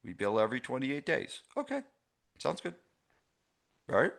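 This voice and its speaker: A man's voice: mid-range voice, huge pitch swings, normal speed, vocal fry, a bit bright. A middle-aged man teaching a live online masterclass for gym owners, stressing points and checking in with his audience. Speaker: gym business coach.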